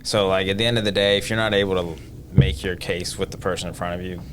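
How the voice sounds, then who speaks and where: A man's voice: low voice, steady tone, fast. A man, a gym owner and trainer, chatting bluntly and emphatically as a podcast guest. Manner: blunt, emphatic, speaks from experience. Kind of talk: casual podcast chat. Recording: noticeable background noise.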